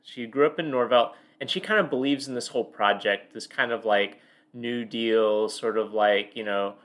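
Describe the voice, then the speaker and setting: A man's voice: mid-range voice, moderate pace, fairly bright tone. A man co-hosting a book podcast in a casual chat, talking in long loose sentences full of fillers and restarts. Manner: rambling, many fillers and restarts. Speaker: podcast co-host.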